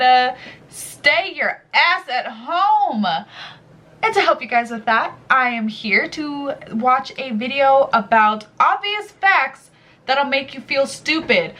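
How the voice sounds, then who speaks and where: A woman's voice: on the high side, pushed and bright. A young woman YouTuber chatting casually and playfully, with slang and casual swearing, as she reacts to a video. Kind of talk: casual chat.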